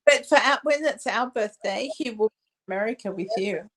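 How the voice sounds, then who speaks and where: A woman's voice: fairly high pitch, fairly quick, a bit bright. A woman co-hosting a casual holiday chat over a video call, encouraging and cheering the other host on.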